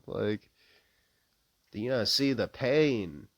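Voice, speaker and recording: Young man, lowish voice, dry close mic, swearing, rambling rant with wry laughs. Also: animated, takes it slowly, long pauses, no echo. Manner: profane, rambling, heavy fillers, restarts, wry laughs. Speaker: vlogger. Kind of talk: unscripted spoken rant. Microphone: close microphone.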